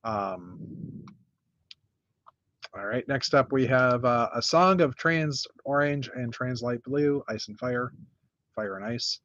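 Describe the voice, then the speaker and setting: A middle-aged man from North America hosts a casual chat, rambling easily from item to item with plenty of "uh"s and restarts. His voice sits at an ordinary middle pitch. The sound is dull and lo-fi, dry and close to the mic. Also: slow, long pauses, fairly bright tone, no echo. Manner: rambling, lots of uh and restarts, shows builds one by one. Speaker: podcast host.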